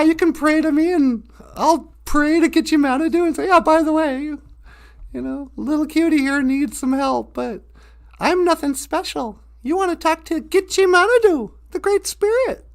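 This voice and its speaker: A loud, grumbling old eagle spirit, acted by a woman storyteller. He sounds worn out by everyone asking him for help and pokes fun at himself. The voice sits high and carries some push. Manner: exasperated, self-mocking. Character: gruff old male eagle spirit messenger.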